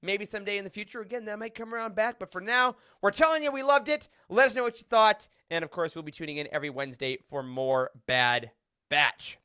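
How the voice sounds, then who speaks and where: A man hosting a casual podcast roundtable, enthusiastic, laughing often and throwing in animated asides. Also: high-pitched, quick pace, clean tone, no echo, studio quality. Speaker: podcast host.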